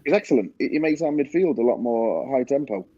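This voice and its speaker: A man's voice: medium pitch, expressive, fairly quick, warm tone, husky, no room sound. A man on a panel, giving frank, opinionated takes in a casual football discussion. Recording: dry, dull lo-fi sound.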